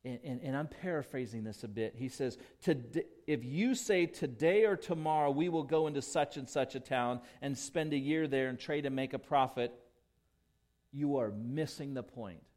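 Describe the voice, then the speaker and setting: A male pastor preaching a sermon, emphatic, with big swings between quiet and loud. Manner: slow, emphatic preaching with dramatic swings in volume and pitch.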